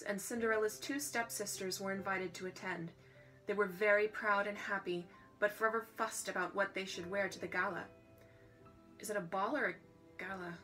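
A woman reading a storybook aloud in a casual way, breaking off for quick, joking asides. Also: mid-range voice, fairly bright tone, rough recording.

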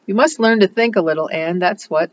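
Voicing a storybook character, a reader plays a bossy, gossipy older neighbor woman who scolds emphatically and leans on a favorite phrase. The delivery is brisk, medium in pitch, and natural-sounding, though the audio is lo-fi.

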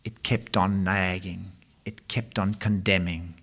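A man preaching a sermon, asking rhetorical questions and reading scripture in a slow, dramatic way. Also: deep voice, steady tone, fairly bright tone, husky. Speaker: pastor.

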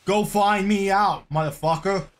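A man hosting a reaction video, loud and exclamatory, swearing often. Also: high voice, steady tone, unhurried. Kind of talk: excitable reaction commentary.

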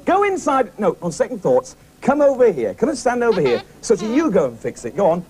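Excitable man hosting a kids' show. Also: sits high, a little fast. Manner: excitable, chatty, talks to puppets. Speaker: host of a children's puppet show. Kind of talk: children's TV presenting.

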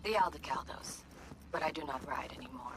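An actress voicing a calm older woman fixer in a video game, speaking slowly and guardedly. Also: low-pitched, background noise, natural voice. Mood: measured.

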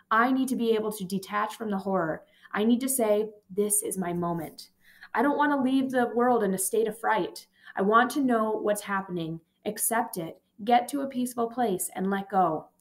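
Audiobook: frail dying elderly professor, gentle and unhurried, soft weak voice, read by a woman. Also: mid-range voice, natural voice. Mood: faint.

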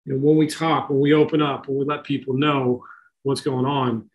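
A man's voice: medium pitch, level tone, moderate pace, dull audio. A middle-aged man giving an informal talk to parents, conversational, with many fillers and restarts. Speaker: speaker at a parent talk on kids and technology.

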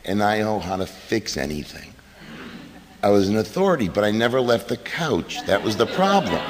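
A middle-aged man sharing his recovery story at a meeting, animated and storytelling, acting out quotes with laughs. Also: lowish voice. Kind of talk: personal recovery talk at a meeting. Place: meeting hall. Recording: reverberant hall recording, faint noise.

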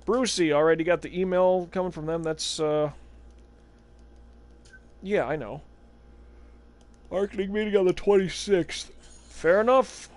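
Young man, gaming stream commentary, sarcastic, swears a lot, slightly high voice. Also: unhurried, pauses often, darkish tone. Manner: profane, sarcastic, rambling asides. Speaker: gaming livestreamer. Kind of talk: casual let's-play commentary.

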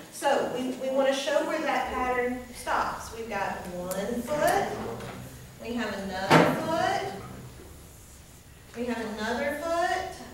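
High-voiced woman teaching a class. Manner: questioning, checks in with okay often. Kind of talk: classroom lecture. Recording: echoey classroom from far off, noisy.

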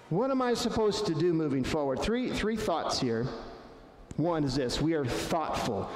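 A man preaching a sermon as pastor, conversational and earnest, slowing down to stress quoted words. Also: on the high side, slight background noise. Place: church sanctuary. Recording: echoey hall, faint room ambience.

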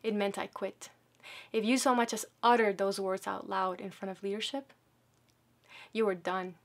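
A woman's voice: mid-range voice, flat delivery, moderate pace. Woman telling a dramatic personal story. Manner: dramatic, swings from loud reenacted shouts to hushed near-whispers.

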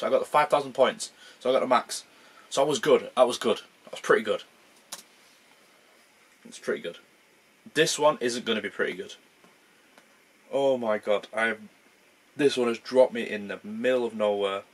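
A man's voice: medium pitch, husky. Young guy muttering through a guessing game, rambly, laughs at himself. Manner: thinks aloud, rambling, self-mocking. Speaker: gaming channel host. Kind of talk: casual gameplay commentary.

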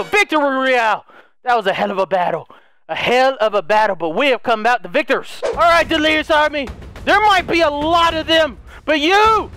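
A man giving excited, yelling commentary while playing a video game, shouting orders at his units. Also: very high-pitched. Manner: yelling commands at units, wildly animated. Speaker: gaming YouTuber.

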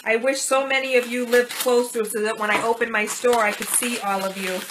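A woman's voice: fairly high pitch, steady tone, a little fast, background noise. A middle-aged woman hosting a casual vlog, opening gifts and thanking viewers with gushing delight. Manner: gushing, warm thanks over small gifts. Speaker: channel host. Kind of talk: casual gift-unboxing vlog.

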